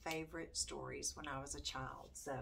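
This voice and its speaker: A woman's voice: low voice, fairly even intonation, normal speed, creaky, a bit bright, slight background noise. An older grandmother with a Southern accent, chatting folksily about homeschool books in a vlog. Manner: chatty, folksy, reads book titles aloud. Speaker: homeschooling vlogger. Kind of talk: casual chat to camera.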